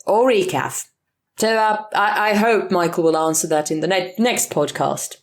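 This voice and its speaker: A woman's voice: on the low side, normal speed. A woman chatting casually on a podcast, gushing, giggly and playful.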